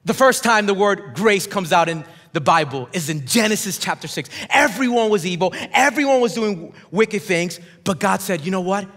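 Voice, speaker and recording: High-voiced preaching man in reverberant hall. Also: expressive, moderate pace, hardly any pauses, a bit bright. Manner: emphatic preaching, calls for congregation responses. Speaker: pastor. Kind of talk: sermon. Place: large church auditorium.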